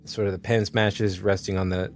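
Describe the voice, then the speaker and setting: A man's voice: deep voice, level tone, normal speed, faint music behind. A man playing a tabletop game who describes his character's actions in a hesitant, casual way. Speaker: player.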